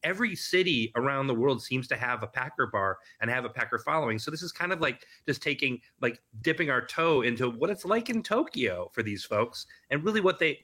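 A man from Wisconsin, a filmmaker guest on a video call, talking eagerly in a casual interview, halting and restarting often. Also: mid-range voice, expressive, sharp tone.

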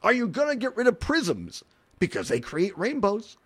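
A male talk radio host speaks from the studio in a high, strongly animated voice. He sounds mocking and opinionated, and he often breaks into laughter. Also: moderate pace, slightly rough.

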